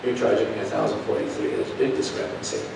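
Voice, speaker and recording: A male preacher telling a testimony in an animated storytelling manner, swinging from hushed to loud. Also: fast, gravelly. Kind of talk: sermon testimony. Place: church. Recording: echoey church from a distant mic with background rumble.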